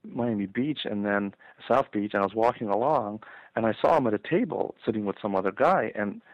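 Male comedian, call-in guest, quick eager talker, low pitch, dull dry line. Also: no room sound. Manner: fast-talking, eager storyteller. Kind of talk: casual chat.

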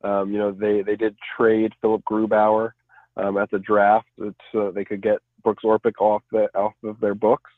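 A man appearing as a podcast guest, giving a measured rundown with frequent ums. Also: lowish voice, monotone, no echo. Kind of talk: casual sports analysis. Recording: dry, tinny phone-like line.

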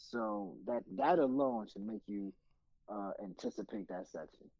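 A playful man co-hosting a music podcast, talking unhurriedly with lots of rise and fall in his voice. His tone is gravelly, and the recording is dull and lo-fi. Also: fairly low pitch, very animated, mellow, no echo. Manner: playful, drawn-out teasing delivery. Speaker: podcast co-host. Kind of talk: casual chat.

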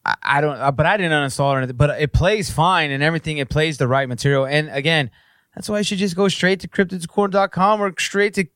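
A man's voice: fairly high pitch, quick pace, fairly bright tone, smooth, no echo. A man co-hosting a podcast who talks in a loose, slangy way and keeps asking if you know what he's saying. The sound is dry and close on the mic. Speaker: podcast co-host. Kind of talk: casual podcast banter.

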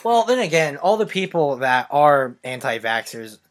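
A man's voice: on the high side, big pitch swings, normal speed. A teenage boy hosting a casual group chat, rambling with lots of "like" fillers and frequent laughs. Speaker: host.

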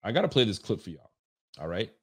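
A man doing casual reaction commentary as a sports fan, excitable and ranting, laughing often. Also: on the low side, quick pace, husky.

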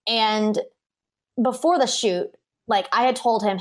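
A woman's voice: on the high side, slow. A young woman, a wedding photographer guest on a podcast, telling a story in a bubbly casual way, laughing often and saying "like" a lot.

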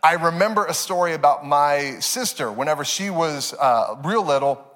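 A man's voice: a little high, moderate pace. A man in his thirties, a pastor preaching a sermon, telling family stories with frequent laughs and fillers. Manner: animated, laughing through stories, many fillers. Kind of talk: sermon with personal storytelling. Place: church sanctuary. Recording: long reverb of a church hall.

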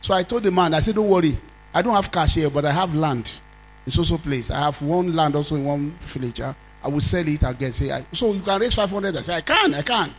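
A Nigerian man, a pastor, preaching a sermon as a story, swinging from loud exclamations to low asides. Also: lively intonation, fairly quick, soft background music, rough recording.

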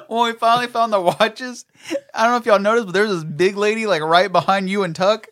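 Young guy w a high voice, tells stories all animated, laughs a lot. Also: brisk. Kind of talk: casual chat.

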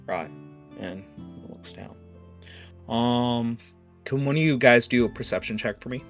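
A man's voice: mid-range voice, a little slow. A man narrating as game master of a tabletop game, rambling with restarts, over faint guitar music. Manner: rambling, many fillers and restarts.

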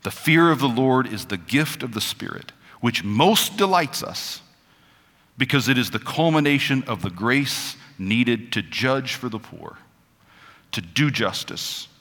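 Male pastor, bright forceful tone, chatty humor and slow emphatic scripture reading, long church reverb. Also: medium pitch, expressive. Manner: conversational and joking, slowing down for emphatic scripture reading. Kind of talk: sermon. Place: church sanctuary.

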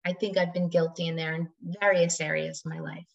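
A woman's voice: low voice, level tone, fairly quick, gravelly, lo-fi sound. A woman co-hosting a talk show, asking the listeners reflective questions. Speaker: podcast co-host.

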